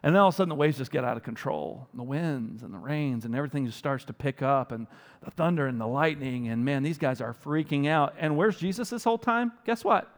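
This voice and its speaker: A male pastor preaching a sermon, telling a story in an animated way and asking rhetorical questions. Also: medium pitch, a little fast, big-room sound.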